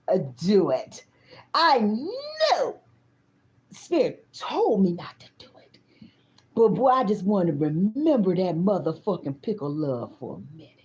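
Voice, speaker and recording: A woman in her fifties tells a story in a loose, casual way. Her voice is mellow and dark. She talks bluntly, swears freely and turns to her viewers as if they were close friends. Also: mid-range voice. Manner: blunt, profane, animated, talks straight to the viewers. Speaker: tarot reader.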